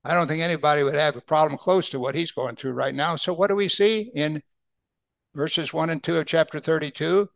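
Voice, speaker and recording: A man preaches from scripture in a somewhat high, gravelly voice. He slows down to read verses aloud and keeps asking his listeners questions. The sound is dry and close, with no room echo. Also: a bit bright. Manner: explains Bible verses with rhetorical questions. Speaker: pastor. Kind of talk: sermon.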